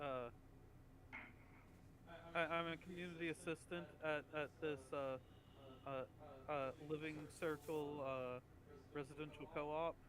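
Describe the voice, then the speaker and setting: A man's voice: on the high side, steady tone, a little slow, pauses often, a crowd in the background. A man playing in a tabletop game, answering in character with hesitant, stammering speech. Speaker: player.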